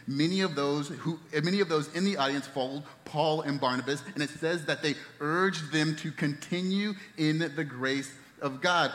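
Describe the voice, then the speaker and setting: A man in his thirties preaching a sermon as a pastor, telling stories and dropping to soft, hushed tones at tender moments. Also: on the high side. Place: church sanctuary. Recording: long reverb of a church hall.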